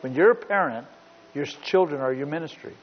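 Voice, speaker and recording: A man's voice: fairly high pitch, brisk. Emphatic middle-aged male pastor. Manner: storytelling, emphatic, repeats himself. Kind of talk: sermon. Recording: dull recording in a big reverberant hall.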